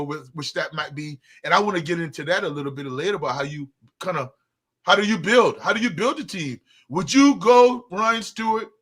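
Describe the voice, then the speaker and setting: A man with a high, bright, forceful voice co-hosts a sports talk podcast. He argues emphatically in casual debate, often doubling up words when he gets fired up.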